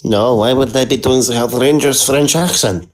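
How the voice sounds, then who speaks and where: A man's voice: mid-range voice, moderate pace. A Scottish man dropping into a podcast call while tipsy, bantering playfully and calling others dear. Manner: playful, mock-formal, calls others dear. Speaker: podcast regular making a cameo. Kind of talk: casual banter. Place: online voice call.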